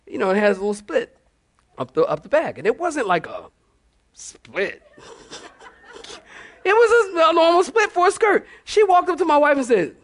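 A male pastor preaching a sermon, animated and storytelling with laughing asides. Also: extremely high pitch, normal speed, pauses often.

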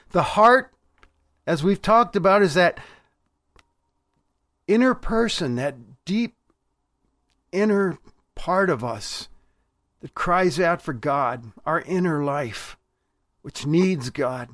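Earnest male pastor, higher voice. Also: expressive, unhurried, a bit bright, no room sound, studio quality. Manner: earnest, emphatic preaching. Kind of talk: sermon.

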